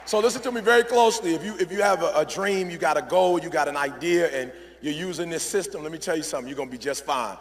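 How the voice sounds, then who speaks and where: Gravelly high-voiced motivational speaker. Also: male voice, quick pace, hardly any pauses. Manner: emphatic, repetitive, addresses crowd often. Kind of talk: motivational speech to a live audience. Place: large event hall. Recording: echoey large hall.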